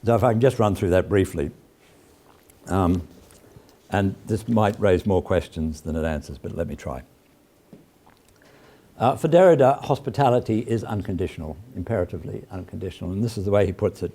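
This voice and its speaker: An older man, a law professor, giving an academic lecture in a measured, halting way, often pausing with "uh" and stressing key words as he reads quotations aloud. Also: deep voice, lively intonation, dark tone, husky.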